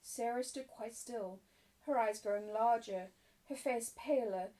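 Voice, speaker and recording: A woman reading a novel aloud in a steady reading voice, with small restarts now and then. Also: a little high, a little slow, distant mic, rough recording. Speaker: audiobook reader.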